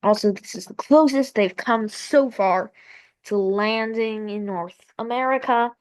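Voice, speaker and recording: A woman's voice: fairly high pitch, unhurried. A woman casually narrating a map timeline. She rambles and corrects herself as she thinks aloud. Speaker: map-series creator.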